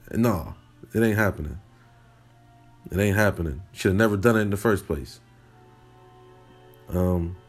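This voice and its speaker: A man's voice: fairly low pitch, darkish tone. A man talks through a solo podcast episode. He is fired up and repeats his points, peppering his speech with "man". Faint music runs underneath. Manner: impassioned, repetitive, fillers like "man" and "you know what I mean". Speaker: podcast host. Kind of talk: casual solo podcast commentary.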